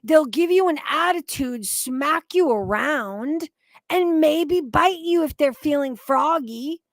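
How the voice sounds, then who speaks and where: Speaking slowly but with animation in a high-pitched voice, a livestream host rambles through commentary on online drama, emphatic and full of profanity. Her setup yields a dry, clean studio recording.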